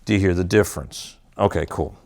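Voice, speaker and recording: Speaking a little fast in a deep, slightly mellow voice, a man hosts a school parenting workshop before an audience in an auditorium or room, using role-play with attendees to act out how parents and kids talk.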